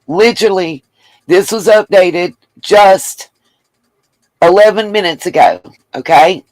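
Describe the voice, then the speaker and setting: A woman's voice: lowish voice, slow pace, darkish tone, dry recording, poor audio. A woman hosting her own vlog, chatting casually to viewers and apologizing as she goes. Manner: chatty, apologetic asides, addresses viewers as y'all. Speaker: vlogger host.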